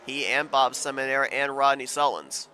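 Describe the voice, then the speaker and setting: A man calling an online stock car race as play-by-play announcer, calm and analytical. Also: mid-range voice, normal speed, slight background noise. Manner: calm analysis, rising to shouting at the finish. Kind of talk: sim racing commentary.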